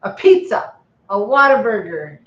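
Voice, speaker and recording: A woman's voice: mid-range voice, lively intonation, a little slow, fairly bright tone. Woman with a Midwestern accent and a bit of Texas drawl, rambling and playful, in a roomy, dull recording. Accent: Midwestern with a touch of Texan. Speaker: co-host of a live stream. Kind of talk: casual chat.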